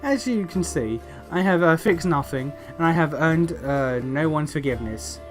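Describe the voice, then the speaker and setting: A man reading the lines of a weary, guilt-ridden old dwarf knight aloud, with frequent uh fillers and a slightly high voice. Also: lively intonation, normal speed, soft background music, close to an everyday voice. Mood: bitter.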